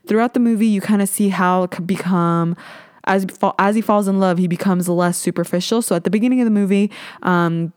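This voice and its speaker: A young adult woman hosting a casual solo podcast, talking in an animated, ranting way and swearing freely. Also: mid-range voice, fairly quick, smooth, no echo, studio quality. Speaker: podcast host.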